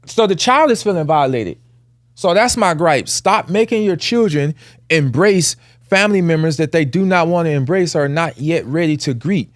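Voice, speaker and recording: A man's voice: fairly high pitch, expressive, normal speed, dry recording, studio quality. Emphatic man hosting a podcast. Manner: emphatic, rising to heated telling of a story. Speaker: podcast host. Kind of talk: casual podcast talk.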